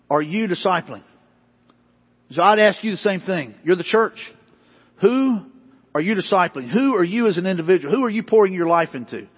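In a sermon caught on a dull, lo-fi recording, a pastor's high, husky voice presses repeated questions and builds into forceful peaks. The church sanctuary lends a long reverb tail.

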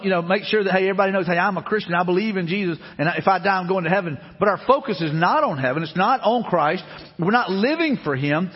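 A man's voice: high-pitched, breathy edge, in a large hall, highs cut off. A man preaching a sermon as pastor in a church, earnest and repetitive, speaking prayers aloud. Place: church sanctuary.

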